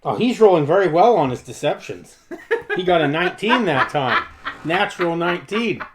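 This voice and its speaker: Male player, higher-pitched, halting delivery with restarts, voicing his dwarf in a tabletop game. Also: very animated. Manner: voices his character in quoted lines, halting with restarts.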